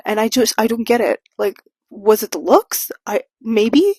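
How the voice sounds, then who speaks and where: A woman's voice: on the high side, normal speed, a little mellow, dry recording. A young woman vlogging a casual, sarcastic and exasperated rant about a book.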